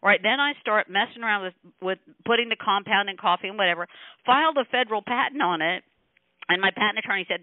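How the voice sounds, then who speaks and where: A woman scientist telling the story behind her invention on a call, animated and laughing often, acting out quotes from other people. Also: mid-range voice, fast, no room sound. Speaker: scientist guest. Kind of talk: phone call interview. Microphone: telephone. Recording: tinny phone line.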